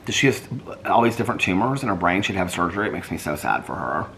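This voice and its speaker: A man's voice: big pitch swings, fast talker, vocal fry, bright, forceful tone, slight background noise. A man vlogging in casual chat, reading viewer comments and thinking aloud as he looks things up. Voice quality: deep, soothing voice. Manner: chatty, rambling, thinks aloud while searching online.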